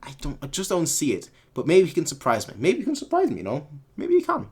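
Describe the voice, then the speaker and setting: A man's voice: a little high, wildly swooping pitch, fast, husky. A man from Munich hosting a fan live stream, answering viewer comments in a rambling way and repeating words as he corrects himself. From Munich, Germany. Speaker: fan channel host.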